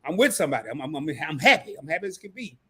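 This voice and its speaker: A man hosting a casual livestream talk, animated and preachy, with frequent stumbling restarts. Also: fairly high pitch, racing, breathy edge. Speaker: livestream host.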